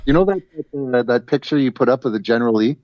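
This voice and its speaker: A man calling into a talk show, chatting casually in a halting way, repeating words and chuckling at his own jokes. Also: medium pitch, lively intonation, no room sound, muffled recording. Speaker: guest caller. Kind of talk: casual chat. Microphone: video call.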